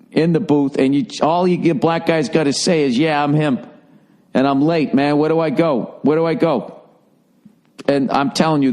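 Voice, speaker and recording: A man's voice: a little high, a little mellow. A man hosting a solo podcast, telling a rambling story full of profanity and self-mocking asides. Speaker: podcast host.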